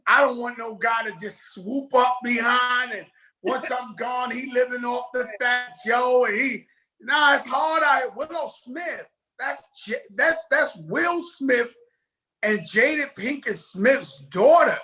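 A man with a New York accent, a guest chatting on a video call in a lively, streetwise way. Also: very high voice, measured pace. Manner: animated, laughing, streetwise slang. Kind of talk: casual video call interview.

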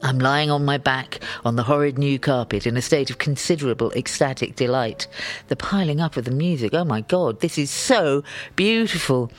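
Brief: male narrator, mid pitch, wry memoir reading with lively storytelling. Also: normal speed, faint music behind.

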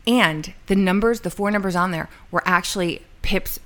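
A middle-aged woman with a somewhat low voice tells a personal story on a podcast. Her talk is chatty and rambling, full of ums and restarts, and she acts out her own lines as she goes. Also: normal speed, fairly bright tone. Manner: chatty, many ums and restarts, quotes herself. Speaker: podcast co-host. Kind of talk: casual storytelling chat.

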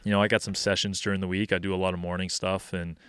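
Young man, hockey coach, deep resonant voice, laid-back talker with plenty of fillers. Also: fast talker, clean tone, dry recording, studio quality. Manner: relaxed and rambling, many fillers like "you know" and "um". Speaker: hockey skills coach and podcast guest. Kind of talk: casual interview chat.

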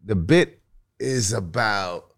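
A man's voice: lowish voice, takes it slowly, vocal fry. A male comedian telling a story in casual conversation, laughing often and acting out the voices of people in it. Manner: animated, laughs often, acts out voices in his stories. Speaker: guest comedian.

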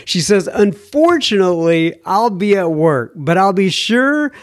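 A man hosts a podcast and reads listener messages aloud in a relaxed, unhurried way. His voice sits a bit high for a man. He often stumbles and repeats words as he begins a thought. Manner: halting, repeats words when starting sentences. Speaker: podcast host. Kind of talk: casual monologue reading listener messages.

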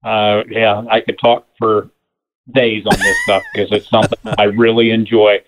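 A man's voice: on the low side, flat delivery, normal speed, background noise. A man speaking as an interview guest over a video call, friendly and enthusiastic. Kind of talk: casual interview chat. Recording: thin call audio from off-mic.

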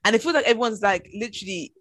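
A woman's voice: on the high side, expressive, very fast, a bit bright, slightly rough, dry recording. A British woman co-hosting a podcast in casual chat, blunt and opinionated with playful asides. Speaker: podcast co-host.

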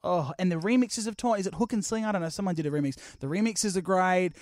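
A woman's voice: fairly low pitch, fast, darkish tone, dry recording, studio quality. A woman hosting an interview, effusive and playful, swearing casually. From Australia. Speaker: radio host.

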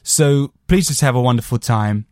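A man's voice: mid-range voice, moderate pace, a little mellow, no room sound, studio quality. A man hosting a podcast, chatting casually about a record in a rambling, jokey way with crude asides. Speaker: podcast host reviewing a record. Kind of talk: casual chat.

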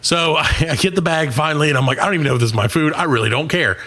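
A middle-aged man on a comedy podcast telling a long story in a casual, animated way, swearing and acting out what other people said. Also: on the high side, very fast. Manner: animated, swearing, acts out quoted voices. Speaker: podcast co-host.

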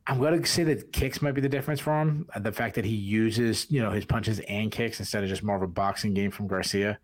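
A man's voice: lowish voice, fairly even intonation, fairly quick. A man with a Boston accent co-hosting a podcast, giving casual fight analysis with lots of restarts and fillers. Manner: rambling, many restarts and fillers. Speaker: podcast co-host.

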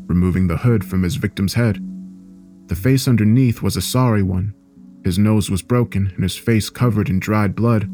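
A man with a low voice reads a horror story in a measured, dark storytelling manner. Faint music plays underneath. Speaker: narrator. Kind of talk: scripted horror story narration.

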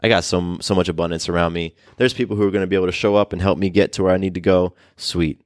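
A man's voice: deep voice, fairly even intonation, quick pace, no room sound. Earnest man coaching in a dry room. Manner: earnest, coaching, repeats key phrases. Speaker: podcast host. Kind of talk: motivational podcast monologue.

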